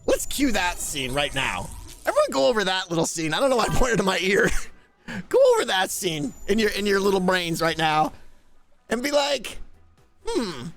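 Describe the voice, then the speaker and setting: A man's voice: sits high, sing-song, moderate pace, vocal fry, a bit bright, faint music behind. A man streaming live, rambling and laughing as he thanks viewers in a flustered, casual chat.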